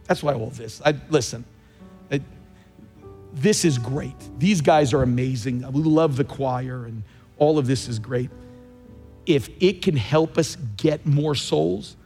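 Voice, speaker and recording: A middle-aged man preaching a sermon as pastor, emphatic, leaning hard on key words and slowing down to stress them. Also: medium pitch, darkish tone. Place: large church sanctuary. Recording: long hall reverb, faint music.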